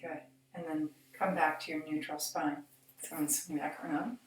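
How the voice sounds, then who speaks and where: A woman fitness instructor calmly guiding a chair exercise class with slow, reassuring cues. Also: low-pitched. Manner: calm, reassuring, slow cueing. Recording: echoey room, mic at a distance.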